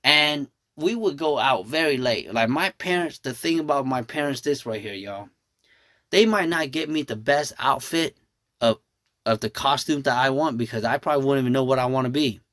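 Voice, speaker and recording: A man's voice: medium pitch, moderate pace, fairly bright tone, no echo, studio quality. A man in his thirties, a nail artist whose first language is Thai, chatting through a nail tutorial and telling stories, calling his viewers y'all. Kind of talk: casual storytelling tutorial.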